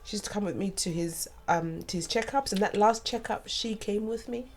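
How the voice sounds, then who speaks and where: A woman's voice: mid-range voice, brisk. Earnest middle-aged woman, guest storyteller, faint room noise. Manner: earnest, acts out quoted voices. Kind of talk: emotional personal storytelling.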